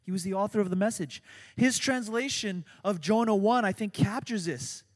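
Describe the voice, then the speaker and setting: A middle-aged man preaching a sermon as pastor, swinging from soft, low asides to loud, urgent emphasis. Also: normal speed. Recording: long hall reverb.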